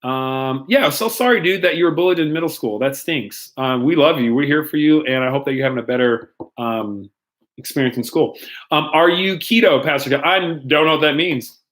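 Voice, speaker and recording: A man's voice: fairly high pitch, moderate pace, fairly bright tone. A young man, a youth pastor, casually answering viewer questions in a playful, rambling way with frequent laughs and ums. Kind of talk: casual live-stream Q&A.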